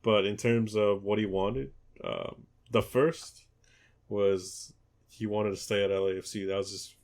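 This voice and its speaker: A man hosting a football podcast in casual chat, relaxed and hesitant, with many ums and restarts. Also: on the low side, measured pace. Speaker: podcast host.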